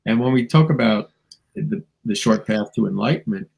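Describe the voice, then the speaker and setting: A man's voice: lowish voice, normal speed, creaky, darkish tone, slightly rough, rough recording. A man, a spiritual teacher and guest, musing reflectively in a talk show conversation, with chuckles and playful asides.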